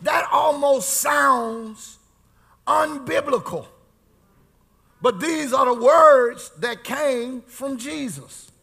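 High gravelly-voiced preacher man. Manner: call-and-response preaching, shouting key lines, drawn-out words. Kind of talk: sermon.

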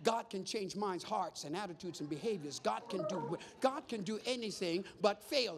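A pastor preaching a sermon, calling out to the congregation and rising into shouts. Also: male voice, high-pitched, animated, moderate pace, vocal fry, few pauses, crowd noise.

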